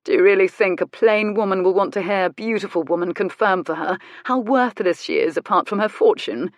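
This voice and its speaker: Reading an audiobook, a woman voices a smug, cruel aristocratic man, sneering and self-satisfied. Her mid-range voice moves briskly and sounds natural. There's no echo.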